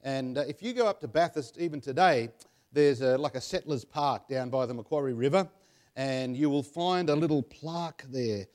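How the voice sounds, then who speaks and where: A man's voice: mid-range voice, moderate pace, darkish tone. An Australian man chatting casually about family history, rambling with many fillers and chuckling at his own jokes. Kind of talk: casual chat.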